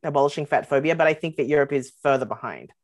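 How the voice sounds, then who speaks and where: A woman talking as a podcast guest in a loose, rambling way, with many pauses and fillers. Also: low-pitched, no room sound. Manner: rambling, hesitant, many ums and likes. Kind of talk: casual podcast chat.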